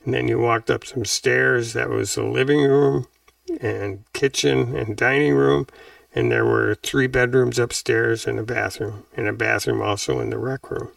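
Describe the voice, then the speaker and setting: Older Wisconsin man, very gravelly, rambling guest recalled from a distant mic. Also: mid-range voice, steady tone, unhurried, fairly bright tone, dry recording, studio quality. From Wisconsin, USA. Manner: rambling, self-correcting. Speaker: interview guest. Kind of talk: casual reminiscing.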